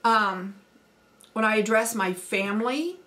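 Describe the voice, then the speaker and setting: A woman's voice: medium pitch, a little slow, a bit bright. Middle-aged Midwestern woman, homesteading vlogger, folksy and chatty, easy ums. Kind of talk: casual accent challenge chat.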